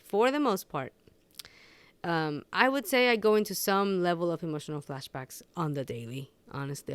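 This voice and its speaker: A woman's voice: sits low, clear, resonant tone. A woman hosting a personal podcast, talking unscripted and candidly, rambling with many restarts. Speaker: podcast host.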